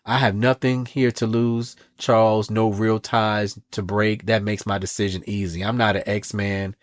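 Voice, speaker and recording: Guy reading a bitter wronged superheroine, lowish voice, dry sound. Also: little pitch movement, measured pace, no echo, close to an everyday voice. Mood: bitter, resolute. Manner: reads comic lines aloud.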